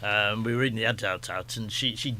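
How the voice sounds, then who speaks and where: A man's voice: lowish voice, a little fast, pushed and bright, slight background noise. A man with a Staffordshire accent hosting a radio show, chatting in a rambling, self-deprecating way with lots of restarts. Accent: Staffordshire English. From England, Stafford. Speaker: radio host. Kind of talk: casual radio chat. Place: radio studio.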